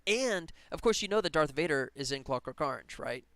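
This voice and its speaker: A game developer with a fairly high, smooth, fairly bright voice chats casually on a live stream while working, sounding expressive and brisk. The recording has no echo, and he rambles and laughs often.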